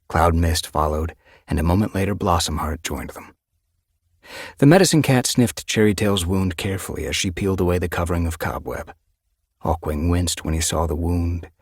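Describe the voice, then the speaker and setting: A man reads an audiobook with steady, measured storytelling. His voice is deep and slightly husky. The recording is dry and close, with no room sound. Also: dry recording. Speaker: audiobook narrator. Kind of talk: scripted narration.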